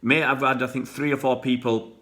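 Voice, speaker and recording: A man's voice: mid-range voice, steady tone, brisk, bright, forceful tone. A man hosting a live football stream, greeting viewers and chatting loosely with many fillers and restarts. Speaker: football channel host. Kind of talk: live stream chat reading comments.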